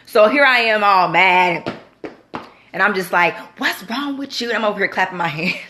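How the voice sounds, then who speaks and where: A woman's voice: normal speed, pushed and bright, a little hiss or hum. A young woman telling a personal faith story in casual talk, full of "you know" and acted-out quotes. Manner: conversational, many fillers like "you know"; acts out quoted lines with big pitch jumps. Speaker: Christian vlogger. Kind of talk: casual testimony.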